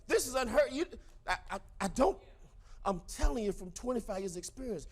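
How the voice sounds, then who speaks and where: A middle-aged man giving a fiery, preacher-like motivational speech to a crowd, breaking into shouts. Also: extremely high pitch, expressive, a little fast. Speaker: motivational speaker.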